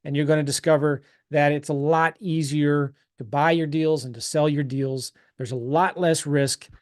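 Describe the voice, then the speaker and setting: A middle-aged man runs a live webinar, talking in a bright, higher register. He is chatty and upbeat, repeating himself with sales-pitch energy. The sound is dry and close on a computer mic. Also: steady tone, normal speed, no echo. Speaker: webinar presenter.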